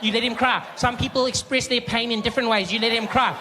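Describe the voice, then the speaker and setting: A bossy woman bystander butts in with a loud, preachy scolding, played by a man. Her voice rides high and insistent. She lectures as if she knows best. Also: steady tone, quick pace, slight background noise.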